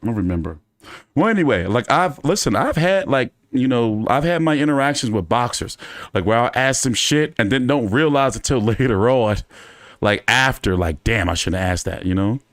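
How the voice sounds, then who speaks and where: With a medium pitch and moderate pace, a man running a boxing channel shares laughing, profane anecdotes with his audience. It's clean studio sound without echo, and his delivery is animated and casual.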